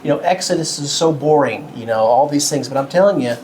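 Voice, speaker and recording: A man teaching a Bible lesson to children at home, talking slowly and simply, a bit cartoonish, and asking the kids questions. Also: on the high side, expressive, a little mellow, a little hiss or hum, low-quality recording.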